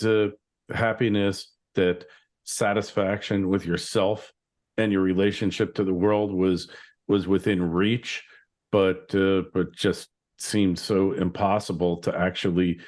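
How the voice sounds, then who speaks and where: Deep-voiced man hosting a podcast. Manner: musing, rambling with fillers. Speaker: podcast host. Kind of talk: casual interview chat.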